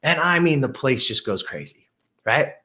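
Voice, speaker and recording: A middle-aged man, a gym owner and host, telling a motivational story to camera, rising with excitement and dropping low to reflect. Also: normal speed.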